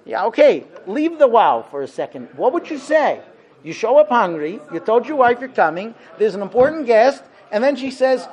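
Rabbi giving a lecture, man with a high voice, lively, acts out the dialogue. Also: normal speed, slightly rough, poor audio. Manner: animated, acts out quoted dialogue, rhetorical questions. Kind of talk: Torah lecture.

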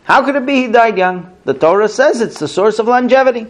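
A man's voice: animated, fairly quick. A man acting out a grieving widow who pleads to know why her husband died young. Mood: pleading. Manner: high, pleading, rising with emotion.

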